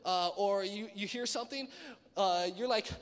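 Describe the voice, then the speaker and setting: Animated high-voiced man preaching in a hall. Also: normal speed. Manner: animated, acts out quoted dialogue in funny voices. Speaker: youth speaker. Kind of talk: casual youth sermon. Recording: long hall reverb.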